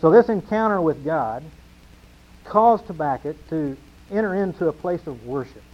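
A man's voice: fairly high pitch, expressive, normal speed, muffled recording. A man preaching a sermon as pastor, with an emphatic, repetitive preaching cadence.

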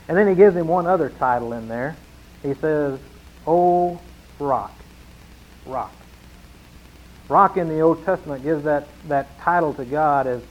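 A man's voice: a little high, muffled recording. A man preaching a sermon in an earnest way, pressing his points and reading scripture with growing force.

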